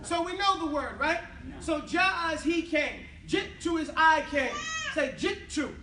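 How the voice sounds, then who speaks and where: A man's voice: very high voice, expressive, a little slow, a crowd in the background. A man teaching an Arabic class, drilling students with call-and-response and laughing often. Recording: echoey classroom from far off, students chattering.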